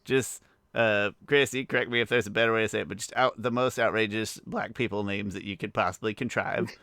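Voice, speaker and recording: A man's voice: on the low side, fairly even intonation, brisk, gravelly, pushed and bright, no echo, clean studio sound. A man co-hosting a podcast in casual chat, giving laid-back, wry commentary. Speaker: podcast co-host.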